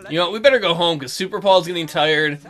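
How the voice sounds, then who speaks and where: A young man giving casual, joking gameplay commentary. He gets excited fast and plays out the game characters' lines as he talks. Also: on the high side. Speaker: let's play gamer.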